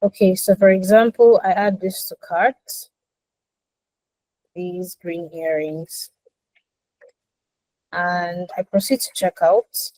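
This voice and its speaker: A woman's voice: fairly low pitch, fairly even intonation, slow pace, long pauses, a little mellow, dry recording, low-quality recording. A woman presenting a product demo on a video call, explaining step by step with frequent ums.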